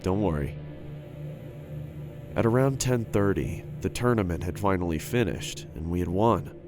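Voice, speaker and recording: Low-voiced man narrating a horror story. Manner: steady, earnest storytelling. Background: background music.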